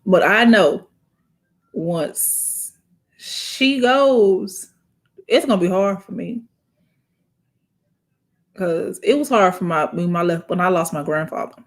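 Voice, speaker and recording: Animated woman chatting to viewers. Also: lowish voice. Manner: animated, preachy, talks straight to viewers; emotional, tearful, halting. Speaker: host. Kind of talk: casual livestream chat.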